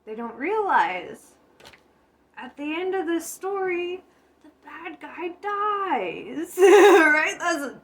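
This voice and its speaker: A spiritual vlogger delivers a rambling, casual monologue, giggling often, swearing and losing her train of thought. Her voice is very high, with big pitch swings and drawn-out words.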